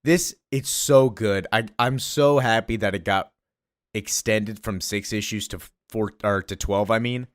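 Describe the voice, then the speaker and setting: A man recapping a comic issue in an excited, gushing way, briefly reading the characters' lines in slightly changed voices. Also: fairly low pitch, a little slow, no room sound, clean studio sound. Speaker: comic book reviewer.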